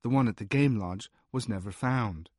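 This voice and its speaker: A man reading a nonfiction history aloud as an audiobook narrator, measured and wry. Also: mid-range voice, a little mellow, no room sound. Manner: measured, dry storytelling with wry asides.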